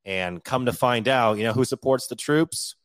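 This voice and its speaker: Man, podcast host, casual joking chat, swears, mid-pitch voice, dry mic. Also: normal speed, fairly bright tone, no echo. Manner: joking, loose, profane.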